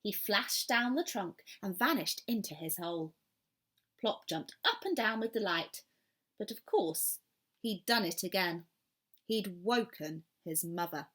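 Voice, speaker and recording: A woman's voice: medium pitch, lively intonation, unhurried, fairly bright tone. A woman teacher reading a children's story aloud expressively, stopping now and then to ask questions. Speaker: primary school teacher.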